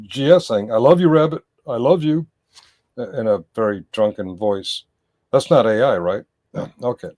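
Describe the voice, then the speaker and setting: A man hosting a livestream and reacting to a clip in loose, chatty commentary. His voice sits at an ordinary middle pitch, and he wanders and backtracks as he talks to his chat. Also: warm tone. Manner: rambling, self-correcting, talks to his chat.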